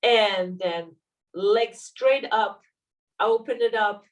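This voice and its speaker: A woman leading a yoga class, calmly cueing poses and breaths step by step. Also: medium pitch, takes it slowly, recorded from a distance, poor audio. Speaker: yoga teacher. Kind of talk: guided yoga class instruction.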